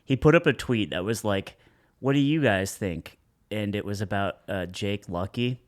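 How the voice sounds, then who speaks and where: A man's voice: lowish voice, moderate pace. A man co-hosting a casual live stream, joking and laughing often. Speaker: co-host.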